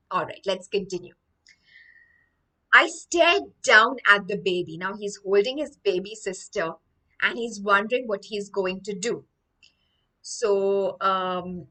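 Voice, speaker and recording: Bright-voiced woman teaching vocabulary. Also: mid-range voice, distant mic, poor audio. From India. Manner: explanatory, repeats words for students. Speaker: English teacher. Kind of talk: online vocabulary lesson with storytelling.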